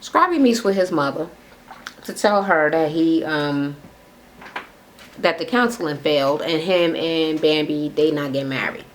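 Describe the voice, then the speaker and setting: A woman's voice: low-pitched, measured pace, slight background noise. A woman recapping a reality TV episode in a gossipy, profane, casual rant, acting out the cast members' lines as she goes. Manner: gossipy, profane, retells scenes by quoting the cast.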